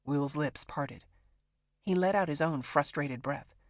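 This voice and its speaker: An audiobook narrator telling a crime thriller in a steady, tense manner. The voice sits mid-pitch and the read is completely dry and close. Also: measured pace, no room sound. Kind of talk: scripted narration.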